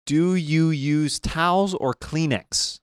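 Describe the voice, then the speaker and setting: A man's voice: on the high side, slow pace, clear, resonant tone, no echo, clean studio sound. A man in crude casual chat, teasing and quizzing with mock-incredulous questions.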